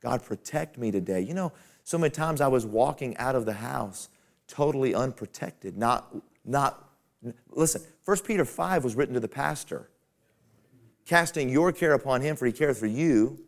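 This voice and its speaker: A man's voice: mid-range voice, animated, normal speed, gravelly. A man preaching a sermon to fellow pastors in a folksy, conversational way that climbs to emphatic peaks.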